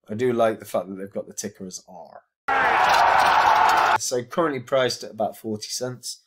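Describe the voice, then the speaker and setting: A man's voice: lowish voice, moderate pace, pauses often, a little hiss or hum. A man giving a casual crypto review to camera, earnest and emphatic, often repeating his words for stress.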